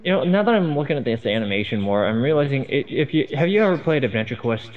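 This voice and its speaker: A man's voice: mid-range voice, big pitch swings, fast talker, dull audio. A man co-hosting a cartoon review, dry and sarcastic, rambling between fillers. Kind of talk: sarcastic commentary chat.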